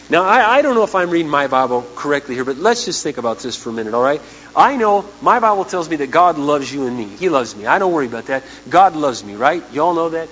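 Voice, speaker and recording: A man preaching a sermon as pastor, impassioned, swinging from hushed lines to shouting ones, in a large church auditorium over the sound system. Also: mid-range voice, animated, brisk. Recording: dull 1990s church tape with hall echo and hum.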